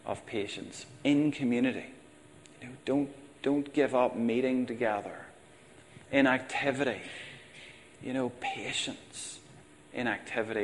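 A man's voice: medium pitch, big-room sound, a little hiss or hum. A man preaching a sermon, talking plainly and calling his listeners folks. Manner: conversational, addresses congregation as folks. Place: church.

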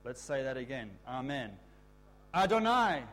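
A man giving a children's talk in church, explaining a word and leading the kids in call-and-response shouts. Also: mid-range voice, lively intonation, unhurried. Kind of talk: children's sermon.

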